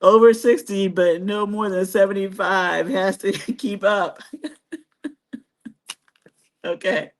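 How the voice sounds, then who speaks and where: A woman's voice: mid-range voice, fairly even intonation, slow, pauses often. A woman hosting a live stream who chats casually with viewers and reads their comments. She is chatty, laughs often and teases herself. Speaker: host of a cruise travel channel.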